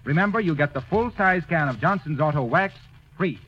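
A man's voice: fairly high pitch, animated, brisk, over loud music. A man announcing a persuasive 1930s radio advertisement. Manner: smooth, persuasive salesman delivery. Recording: lo-fi old radio broadcast.

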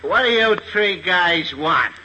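Guy doing a stammering drunk, kinda high, super hissy old radio. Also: animated, slow pace, dull audio. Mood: woozy. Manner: slurring, stammering. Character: drunk male hotel guest, woozy. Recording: very noisy old radio recording.

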